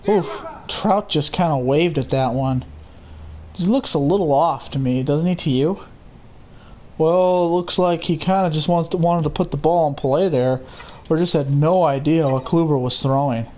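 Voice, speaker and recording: A young man calling a baseball game play by play, steady and unhurried, with casual asides. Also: fairly high pitch. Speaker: play-by-play commentator. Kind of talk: simulated baseball commentary.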